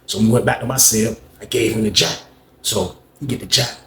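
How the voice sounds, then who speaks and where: Fast-talking man telling a rambling story. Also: on the low side, steady tone, fairly bright tone. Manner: rambling slangy tale with many "man" and "you know what I mean". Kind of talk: casual storytelling. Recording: roomy echo with faint background noise.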